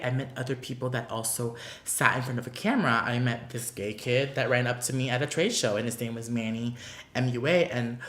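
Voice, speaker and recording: A man's voice: medium pitch, fairly bright tone. Man, from Florida, beauty vlogger, gushing, emotional, lots of "like", roomy echo. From Orlando, Florida, US. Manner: gushing, emotional, many "like" fillers. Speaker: beauty YouTuber. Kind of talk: casual vlog Q&A. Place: room with paper backdrop, seated in chair.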